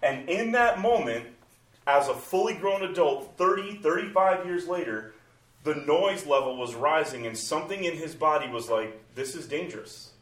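A pastor in his forties gives a conversational church talk in a somewhat high, bright, animated voice at a moderate pace, acting out inner voices as he goes. The roomy sound suggests a distant mic.

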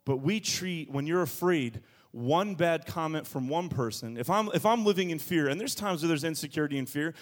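Animated pastor preaching, voice rising and dropping. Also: male voice, normal speed, hardly any pauses. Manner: animated, swings from soft low asides to loud high bursts. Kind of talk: sermon. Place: church.

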